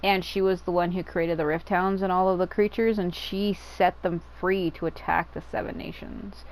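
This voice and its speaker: A woman's voice: on the low side, steady tone, moderate pace, rough recording. A woman casually commenting while she plays a game, explaining its lore in a rambling way, full of "like" and the odd swear word. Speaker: gamer. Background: game music.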